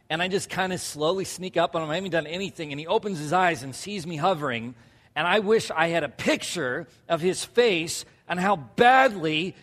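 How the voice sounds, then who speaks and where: A man in his thirties preaching a sermon, telling stories loudly and animatedly with laughs. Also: high-pitched, in a large hall. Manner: loud, animated storytelling with laughs. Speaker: pastor.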